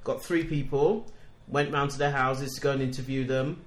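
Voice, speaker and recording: A man who is a parent, telling stories in an animated way during a casual chat. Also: mid-range voice, moderate pace, roomy sound. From Africa. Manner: animated storytelling with laughter.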